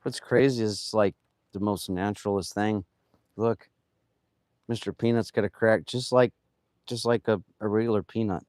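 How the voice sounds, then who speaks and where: A man's voice: on the low side, fairly even intonation, moderate pace, pauses often, a little mellow, no echo, clean studio sound. A man who carves wood with a chainsaw, chatting casually on a live stream while he works, rambling and trailing off with lots of fillers.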